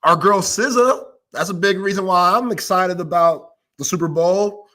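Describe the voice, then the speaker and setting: A man's voice: high voice, unhurried, pushed and bright. A man co-hosting a sports talk show, bantering in a loose, slangy, joking way. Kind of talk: casual banter.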